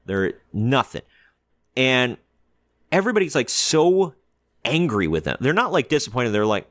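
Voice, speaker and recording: A man giving casual film commentary as a reviewer, ranting in an animated, exasperated way with lots of fillers. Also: medium pitch, normal speed, no echo, studio quality. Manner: acts out quoted characters in short bursts. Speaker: movie reviewer.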